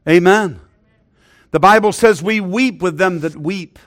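A middle-aged male preacher delivers his sermon in a notably high voice. He is earnest, calling for amens, and often sinks to a hushed, softer tone when he tells a personal story. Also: a little slow. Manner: earnest, drops to a hushed voice for stories.

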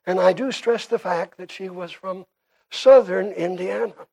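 A man with a Canadian accent preaching a sermon, emphatic and shifting between quiet and loud passages. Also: sits high, a little slow, creaky.

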